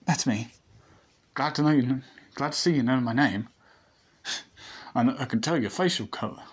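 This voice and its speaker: A friendly, curious pink-haired schoolgirl, as a man reading a fan story puts her on. She speaks hesitantly, stumbles over words, and sits a little above a husky male reader's pitch. The voice stays close to everyday speech. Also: normal speed, close to an everyday voice.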